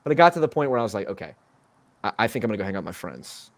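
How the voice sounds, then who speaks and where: A podcast host in his twenties rambles through a story with lots of fillers and restarts. His low-leaning voice is sing-song and very fast, recorded without any room sound.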